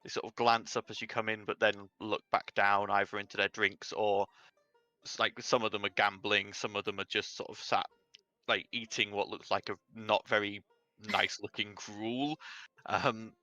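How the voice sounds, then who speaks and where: A man's voice: fairly low pitch, sharp tone, dry recording. A man running a tabletop game as game master, describing scenes in a rambling way full of "sort of" and "um".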